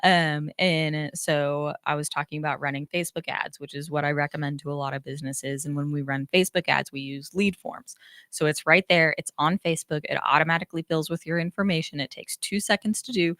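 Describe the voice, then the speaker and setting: A woman, a marketing business owner, chatting as a radio guest, animated and often laughing. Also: low-pitched, fairly quick, dry recording, studio quality. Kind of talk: casual interview chat. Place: radio studio.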